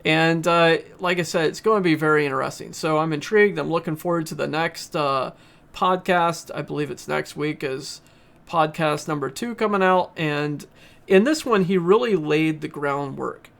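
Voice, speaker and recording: Gravelly man earnestly retelling a story. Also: a little high, moderate pace, fairly bright tone. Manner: earnest storyteller, frequent uh fillers. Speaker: podcast reviewer. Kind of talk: casual spoken retelling and commentary.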